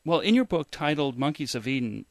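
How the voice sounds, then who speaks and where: A man's voice: on the high side, very animated, a little fast, dry recording. Dry-voiced male radio host. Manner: reads prepared questions, brief affirmations. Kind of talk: radio interview.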